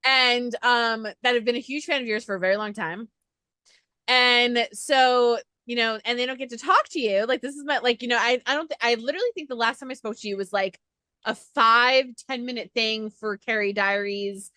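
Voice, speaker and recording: A woman's voice: fairly high pitch, moderate pace, sharp tone, no echo, clean studio sound. A woman interviewer chatting casually and gushing enthusiastically to her guest, with lots of "like.". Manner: gushing, chatty, many fillers of "like". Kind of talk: casual chat.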